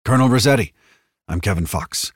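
A man voicing a slick, overconfident corporate spokesman with a smooth news-anchor cadence. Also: on the low side, animated, fairly quick, no room sound, studio quality, voice pushed up. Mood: hearty.

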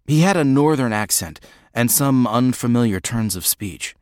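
A man narrating a first-person novel in a measured, reflective way. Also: mid-range voice, animated, darkish tone, dry recording, studio quality. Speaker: audiobook narrator.

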